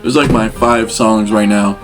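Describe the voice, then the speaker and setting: A man's voice: on the low side, steady tone, a little slow. Rambling young man reacting to music. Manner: rambling, chatty, addresses the artist as brother. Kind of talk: casual chat.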